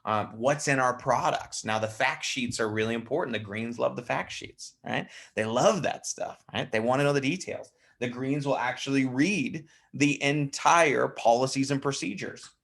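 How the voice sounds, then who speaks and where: A man leading a live network marketing training, talking in a lively way and slipping into quick put-on voices to act out personality types. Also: mid-range voice, gravelly. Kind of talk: live team training talk.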